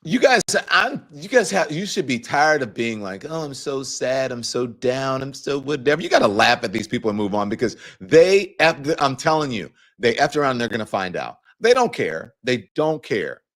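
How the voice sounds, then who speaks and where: A middle-aged man hosting a casual opinion show, talking straight to viewers in a lively, mocking way. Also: medium pitch, normal speed, few pauses. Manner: animated, mocking, acts out quoted voices. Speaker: show host.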